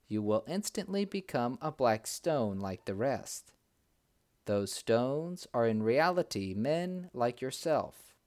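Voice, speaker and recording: A man's voice: medium pitch, darkish tone. A man playing a grave old dervish. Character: old wise male dervish, calm and grave.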